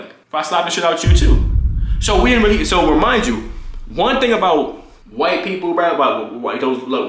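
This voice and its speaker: A young man casually telling a profane, animated story about his college roommate, acting out what people said. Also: reverberant. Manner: animated, profane, acts out quotes in high voices. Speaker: storytime vlogger.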